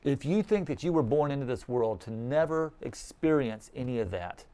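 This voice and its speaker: Emphatic priest with a mellow voice. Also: male voice, mid-range voice, animated. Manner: emphatic, slows down for stress. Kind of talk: sermon with Gospel reading.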